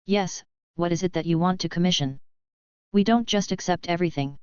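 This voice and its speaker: A woman's voice: on the low side, brisk, a little mellow, clear, resonant tone, no room sound, highs cut off, lightly acted. A woman voicing a sly male god who speaks in an easygoing, probing way.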